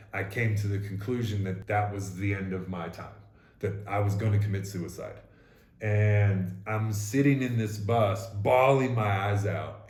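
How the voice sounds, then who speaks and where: Blunt, low-voiced man in an echoey room. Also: darkish tone. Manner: raw, blunt, swears freely. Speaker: podcast co-host sharing his story. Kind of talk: candid personal storytelling.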